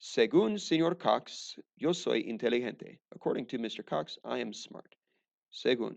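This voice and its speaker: A man's voice: mid-range voice, lively intonation, normal speed, creaky. A man teaching a recorded language lesson, mixing dry joking asides into the explanations.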